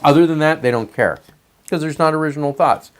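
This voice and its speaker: A man's voice: on the high side, a little fast. A man hosting a show, delivering a blunt, profanity-laced political commentary monologue. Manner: profane, emphatic ranting. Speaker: podcast host.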